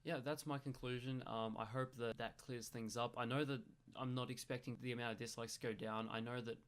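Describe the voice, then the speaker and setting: A young man with an Australian accent talks through gameplay footage in a casual, rambling way. He explains patiently and keeps restarting his sentences with ums. His pitch sits in an ordinary middle range. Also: little pitch movement, fairly quick. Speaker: gaming YouTuber.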